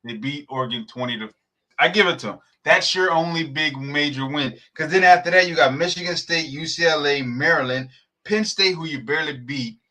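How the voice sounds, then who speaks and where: Heated man ranting, bright voice. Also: fairly high pitch, brisk. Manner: heated, profane, animated ranting. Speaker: podcast co-host. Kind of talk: casual sports debate.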